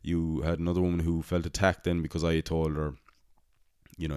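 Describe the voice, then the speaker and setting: Man, young adult, very low voice, smooth and clear, dry close sound, rambling casual storytelling, frequent swearing. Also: little pitch movement, a little fast, a little mellow, no echo. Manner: rambling, swears often, self-deprecating. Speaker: podcast host, cinema worker.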